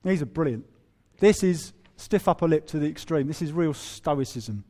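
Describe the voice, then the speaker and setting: A man preaching a sermon in a humorous, animated way, acting out quoted voices. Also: fairly high pitch, normal speed. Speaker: pastor.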